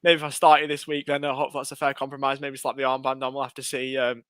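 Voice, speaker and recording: Bright, smooth-voiced cheeky man. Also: medium pitch, completely flat delivery, fast talker, dry recording. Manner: cheeky, jokey, rambling plugs. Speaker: podcast co-host. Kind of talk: casual panel chat.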